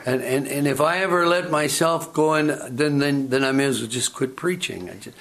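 Older male pastor, halting storytelling sermon. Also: medium pitch, fairly bright tone. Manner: halting, repeats words, conversational storytelling.

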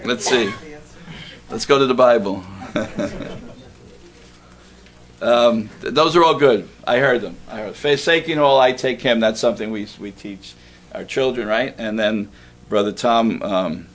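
A man's voice: mid-range voice, a little slow, pauses often. A man preaching a sermon in a church, talking in a conversational way and asking the congregation questions.

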